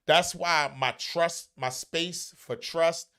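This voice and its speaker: A man's voice: on the high side, steady tone, slow pace, pushed and bright, smooth. A man talking casually, blunt and profane, with emphatic, brash delivery. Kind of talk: casual chat.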